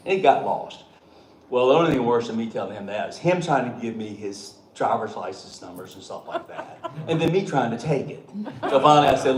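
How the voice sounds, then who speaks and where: A man's voice: mid-range voice, expressive, brisk. Folksy man telling stories. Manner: folksy, joking, chuckling often. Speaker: state treasurer. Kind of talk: storytelling speech at a meeting. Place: meeting hall. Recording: echoey room, faint background noise.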